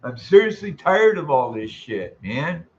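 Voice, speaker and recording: A frustrated man rants straight to the camera, swearing constantly and circling back to the same complaints. His voice sits a bit high. The recording sounds muffled and lo-fi. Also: big pitch swings, measured pace. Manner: profane, exasperated ranting. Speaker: vlogger. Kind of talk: angry venting monologue.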